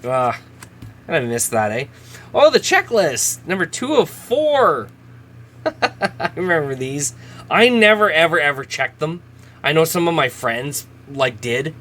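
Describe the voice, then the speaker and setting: A man's voice: a little high, sing-song, measured pace, long pauses, pushed and bright. A man, casually chatting as he opens trading card packs, laughing at himself and reading names aloud. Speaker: host. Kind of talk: casual card-opening commentary.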